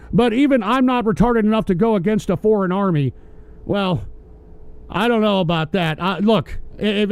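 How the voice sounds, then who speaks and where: Man, high voice, dry close mic: foul-mouthed, sarcastic political host ranting at his chat. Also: a little mellow, no echo. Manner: angry, swearing, sarcastic. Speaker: host of a political call-in show. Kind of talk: profane political rant.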